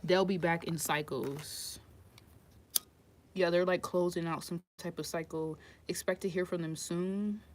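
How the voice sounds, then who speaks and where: A woman gives a casual live-stream tarot reading. She talks bluntly, swears freely and laughs often. Her voice sits slightly low. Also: steady tone, unhurried, slight background noise. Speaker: tarot reader.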